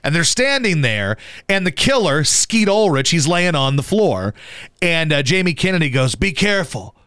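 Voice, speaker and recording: A man hosting a radio show, chatting casually about sports in a profane, animated way and jumping into high yelps to mimic people. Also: moderate pace, clear, resonant tone, no echo, studio quality. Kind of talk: casual sports talk banter.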